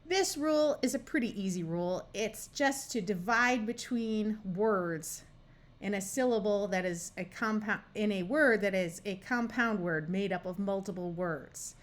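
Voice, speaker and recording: A reading tutor with an American accent, her voice medium-pitched and her pace measured, teaches phonics. She patiently spells out sounds and words one at a time in a slow, careful lesson.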